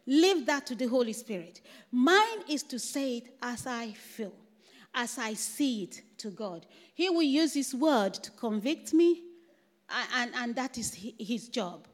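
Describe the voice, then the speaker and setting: A woman's voice: on the high side, expressive, a little slow. An older woman giving a church testimony, telling a story and laughing often. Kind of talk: testimony sermon. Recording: echoey church hall.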